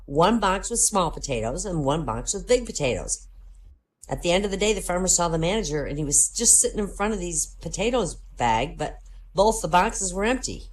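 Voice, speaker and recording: A woman's voice: fairly low pitch, lively intonation, brisk. A woman telling a string of jokes in a voice-chat comedy show, steadily building each one to its punchline.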